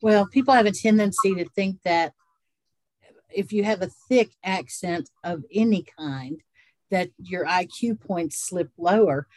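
A woman with a Southern Appalachian accent, co-hosting a casual chat and telling stories in an unhurried, rambling way. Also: on the low side, darkish tone, no room sound. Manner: unhurried, rambling storyteller with frequent laughs. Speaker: podcast co-host. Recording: dry close sound.

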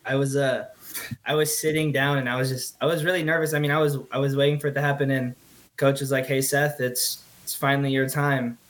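A man's voice: medium pitch, little pitch movement, fairly quick, fairly bright tone. A teenage man answering interview questions earnestly, often restarting and repeating his words. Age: teens. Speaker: guest athlete.

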